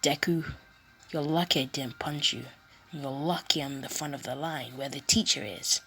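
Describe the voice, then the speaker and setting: A woman's voice: rumbling low, normal speed, a bit bright, soft background music. A woman voicing an aggressive teenage bully boy with a taunting, sneering manner.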